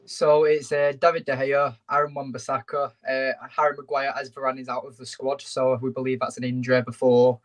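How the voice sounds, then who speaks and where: A man's voice: mid-range voice, flat delivery, brisk, hardly any pauses. A man, a friendly panel guest in a casual football chat.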